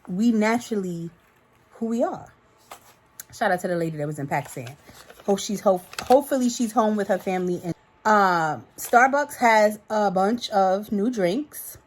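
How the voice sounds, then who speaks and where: A woman in her thirties from New York with a New York accent, chatting casually to her viewers in an animated, tipsy vlog. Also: medium pitch, normal speed. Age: 30s. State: a little tipsy. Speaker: vlogger. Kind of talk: casual chat to camera.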